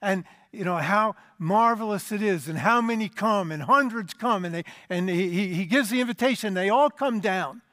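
A man preaching a sermon, explaining a scripture passage emphatically and dropping to a low, quiet voice at the end of phrases. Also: moderate pace, few pauses, no echo, clean studio sound.

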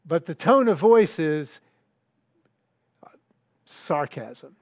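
An older man preaching a sermon, reading scripture and telling a story in a halting, conversational way with fillers and restarts. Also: fairly high pitch, lively intonation, darkish tone, no room sound, studio quality.

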